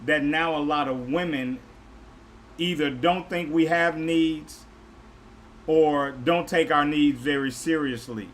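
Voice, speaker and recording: A man's voice: on the high side, fairly bright tone, a little hiss or hum. A man hosting a casual podcast chat in a friendly, conversational way, opening up topics and putting questions to his guests. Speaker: podcast host.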